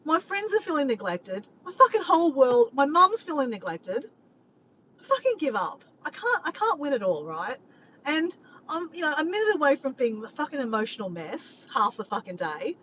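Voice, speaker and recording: A female vlogger rambles casually to her live stream viewers, animated and swearing often while repeatedly calling them "guys." Her voice is high and her pace normal. The audio is slightly muffled with faint background noise.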